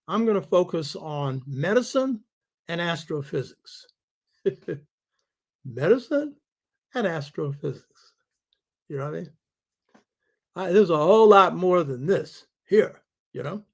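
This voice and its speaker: A man hosting a show, giving an emphatic lecturing monologue and throwing rhetorical questions at his listeners. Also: high voice. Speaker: host.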